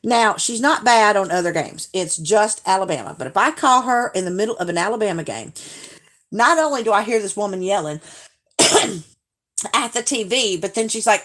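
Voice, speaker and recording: A woman chatting through a live stream. She answers viewer comments one after another, rambles into stories, and laughs easily. Her voice sits in a middle pitch. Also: animated, moderate pace, a bit bright. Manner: chatty, laughs often, talks to viewers directly. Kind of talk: casual live-stream chat.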